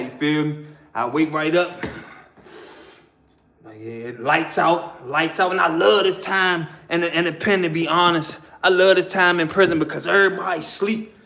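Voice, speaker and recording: A man telling a story in a casual, animated, slangy way, laughing often. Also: a little high, moderate pace.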